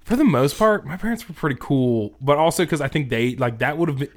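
A man's voice: fairly high pitch, lively intonation, brisk. A young man in casual chat, telling stories in a laid-back way and laughing often.

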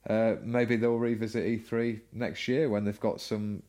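A man's voice: lowish voice, flat delivery, measured pace, mellow. A man co-hosting a casual games podcast, easygoing and agreeable. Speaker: podcast co-host.

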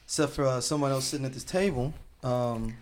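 A man's voice: mid-range voice, fairly quick, a little hiss or hum. A man hosting a casual podcast chat, loose and joking, laughing often. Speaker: podcast host.

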